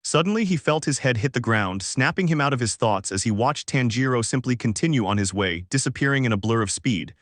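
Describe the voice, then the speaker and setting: A man's voice: medium pitch, lively intonation, a little fast, few pauses, no echo. Man reading fan fiction, dry close sound. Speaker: fanfic narrator. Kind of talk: scripted narration.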